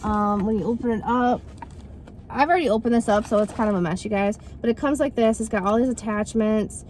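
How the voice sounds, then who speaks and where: A woman's voice: a little high, a little fast, darkish tone, slight background noise. A woman in her thirties chatting casually through a product unboxing, rambling with fillers and acting out little quotes. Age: 30s. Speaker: vlogger reviewing a product.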